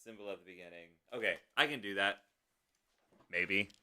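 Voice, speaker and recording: Bright, clear-voiced male streamer muttering. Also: deep voice, normal speed. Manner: mutters to himself, hums drum rhythms, reads chat aloud. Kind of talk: casual live-stream talk while composing music.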